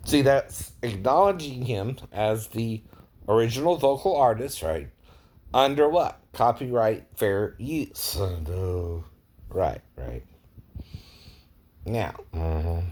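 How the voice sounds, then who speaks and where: A male impersonator rambles casually to his viewers, slow and unhurried, and his pitch rises and falls a lot. He keeps tagging his points with "right?" and laughs between them. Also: lively intonation, a little mellow. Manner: keeps asking "right?", chuckles often. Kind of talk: casual vlog monologue.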